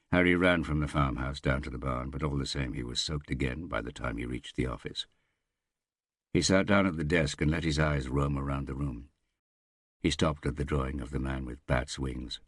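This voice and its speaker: Very deep, husky male narrator. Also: no echo, clean studio sound. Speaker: audiobook narrator. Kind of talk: scripted thriller narration.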